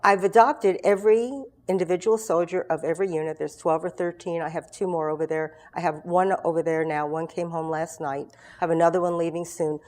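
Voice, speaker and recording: A woman's voice: on the low side, fairly even intonation, brisk, hardly any pauses, darkish tone. A woman in her sixties telling her story as an interview guest, chatty and rambling, with many fillers and restarts. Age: 60s. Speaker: guest, founder of a soldier support group.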